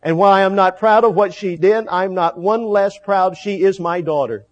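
A man preaching a sermon, earnest, slowing down to stress key phrases. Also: sits high, muffled recording.

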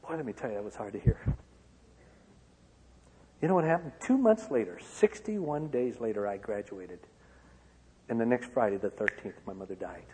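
A man from Michigan giving a personal testimony to an auditorium, swinging from loud outbursts to hushed lines. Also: fairly low pitch, expressive, moderate pace, long pauses, a little hiss or hum. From Michigan, USA. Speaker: speaker. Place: large auditorium. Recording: long hall reverb.

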